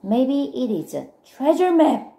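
An excitable little flying storybook friend, put on by a woman reading aloud, chirping high and bouncing all over the scale. She gets insistent and loud when she is not heard. Soft, mellow tone, recorded with a faint hum in an echoey room. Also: a little slow, gravelly, exaggerated voice. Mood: eager.

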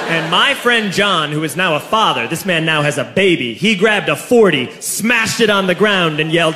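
Male stand-up comedian, slightly raised voice, animated storyteller who bursts into shouts, recorded live in an echoey club with loud crowd noise. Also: fairly high pitch, fairly quick, few pauses. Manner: animated, speeds up and shouts at punchlines. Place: comedy club stage before a live audience.

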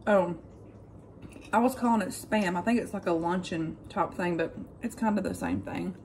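A woman's voice: lowish voice, moderate pace, a little hiss or hum. A woman, chatting casually to camera as she cooks and tastes breakfast. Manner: chatty, relaxed, says "y'all". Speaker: vlogger. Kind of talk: casual cook-with-me chat.

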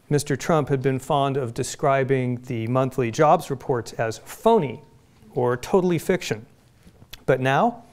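A middle-aged man from Phoenix giving a prepared public lecture, measured and deliberate, with pointed emphasis. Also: medium pitch, a little mellow. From Phoenix, Arizona, US. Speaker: guest lecturer. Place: lecture hall.

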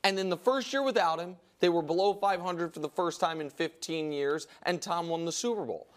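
A man hosting a sports talk show, making emphatic, argumentative points in a fast debate style. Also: fairly high pitch.

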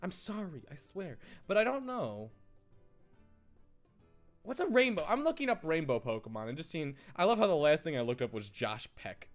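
Lively, giggly let's-play host. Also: male voice, on the high side, moderate pace, soft background music. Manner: giggly, rambling, easily sidetracked. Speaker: gaming channel host.

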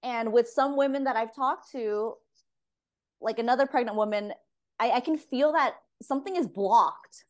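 A woman's voice: fairly high pitch, moderate pace. A woman hosting a podcast, responding in casual chat, reflective and thinking aloud. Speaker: podcast host.

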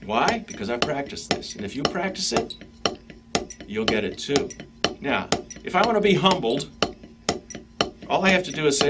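A man teaching drum stick technique in a relaxed, conversational way, talking straight to his students between demonstrations. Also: a little high, normal speed, long pauses. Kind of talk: instructional demonstration. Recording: practice pad clicks and noise behind.

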